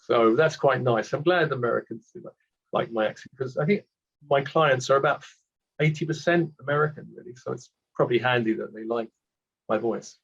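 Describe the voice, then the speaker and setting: A British man in his sixties, a reflective guest telling his story with gentle self-deprecating asides. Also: mid-range voice, fairly quick, gravelly, breathy edge. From Britain. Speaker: award recipient guest. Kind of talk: reflective casual conversation. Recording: dull muffled lo-fi audio.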